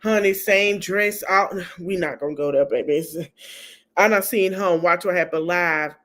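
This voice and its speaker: A woman hosting a podcast, recapping a reality TV reunion in a sassy, animated gossip style that keeps breaking into laughter. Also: on the low side, moderate pace. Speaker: podcast host.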